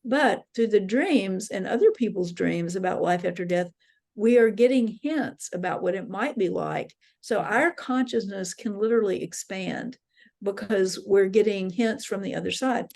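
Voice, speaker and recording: Gravelly-voiced woman telling dream stories. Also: mid-range voice, normal speed, darkish tone. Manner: earnest storytelling, quotes voices. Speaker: dream workshop leader. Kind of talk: teaching talk with retold dreams. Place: interfaith center workshop.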